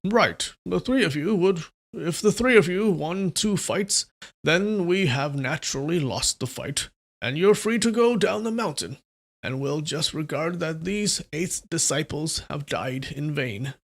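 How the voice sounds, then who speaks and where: A calm, wise old priest voiced by a man, raised high and thin as an old man's voice, talking slowly and gently. Each line is measured and reasonable, as in a storybook reading. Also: gravelly, full character voice.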